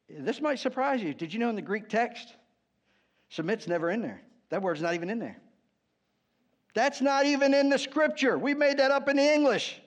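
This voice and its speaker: A pastor with a fairly high voice delivers a sermon in an easy, conversational way, full of dry, wry humor and frequent "right?" asked of the congregation. He drops low and quiet on key words, then raises his voice for emphasis.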